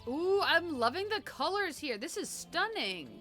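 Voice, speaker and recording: A woman's voice: very high voice, big pitch swings, a little slow, pushed and bright, faint music behind. A woman streaming a video game, chatting casually and animatedly with lots of giggles. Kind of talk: casual gameplay commentary.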